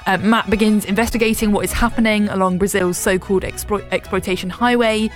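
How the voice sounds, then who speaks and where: A woman's voice: mid-range voice, steady tone, brisk, soft background music. A young woman co-hosting a radio show, talking in a chatty, enthusiastic way with frequent laughter. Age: young adult. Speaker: radio co-host. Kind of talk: casual radio chat.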